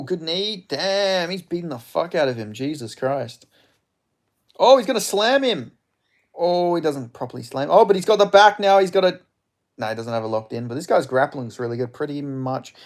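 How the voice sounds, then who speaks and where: A man hosting a live fight watch-along, giving casual, profane commentary with sudden excited outbursts. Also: mid-range voice. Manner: excitable, swearing, bursts into loud reactions.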